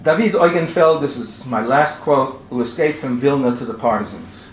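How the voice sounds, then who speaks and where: A man lectures at an academic conference in a measured, steady way, reading quotations aloud. His voice sits in a roomy hall, with a faint ambience behind it. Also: mid-range voice, a little hiss or hum. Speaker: conference speaker.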